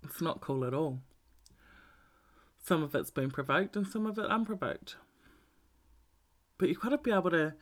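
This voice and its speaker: A man's voice: on the high side, animated, slow pace, pauses often, a bit bright. A man giving a blunt, profane, candid talk about emotional healing, repeating his points for emphasis.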